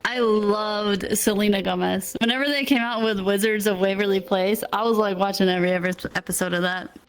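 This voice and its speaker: A woman's voice: medium pitch, steady tone, a little fast, clean tone. A young woman chatting casually on a stream, recalling things with easy nostalgia.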